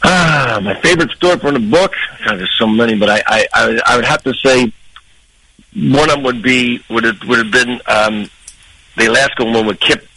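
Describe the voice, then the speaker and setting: Bright husky older man telling stories. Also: mid-range voice, normal speed, poor audio. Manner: animated, acts out people in his anecdotes. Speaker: comedian guest. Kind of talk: storytelling on a podcast.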